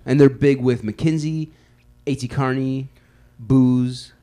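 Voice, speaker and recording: A man's voice: mid-range voice, fairly even intonation, warm tone. Brief: male podcast host, casual, questioning, playful. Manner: curious, quick follow-up questions, joking. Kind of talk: casual interview chat.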